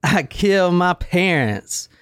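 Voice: mid-range voice, expressive, takes it slowly, fairly bright tone, clear, resonant tone, dry recording, clean studio sound. A podcaster doing a stoned young bro. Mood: stoned, insistent. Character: stoned young male partier, bro talk.

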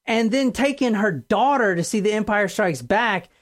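A woman hosting a podcast, telling a true-crime story in a casual, animated way, swearing freely. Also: mid-range voice, normal speed. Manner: animated, profane, acts out quotes. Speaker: podcast host.

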